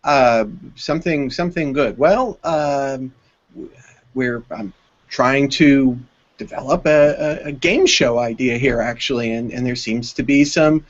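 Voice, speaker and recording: An American man co-hosting an English lesson, speaking thoughtfully with frequent restarts. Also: medium pitch. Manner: thoughtful, halting, many restarts. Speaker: co-host, English teacher. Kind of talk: online English lesson hangout. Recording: dull web call audio.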